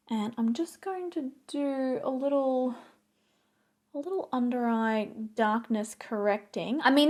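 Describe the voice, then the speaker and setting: A young woman chatting casually as she does her makeup on camera. She is playful and wanders off topic, and her voice sits a little high. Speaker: beauty vlogger. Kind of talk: casual get-ready-with-me chat.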